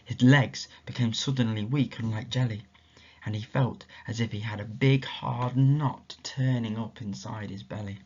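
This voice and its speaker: Man teacher telling a story to schoolchildren, expressive, lo-fi muffled recording. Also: on the low side, normal speed. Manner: expressive, asks the children questions.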